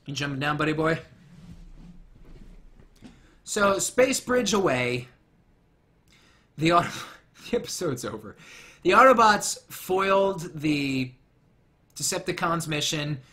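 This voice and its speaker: A man's voice: a little high, animated, takes it slowly, pauses often, sharp tone. A young man hosting a casual commentary, rambling and joking as he drifts off on tangents. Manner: rambling, jokey, goes off on tangents. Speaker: commentary host.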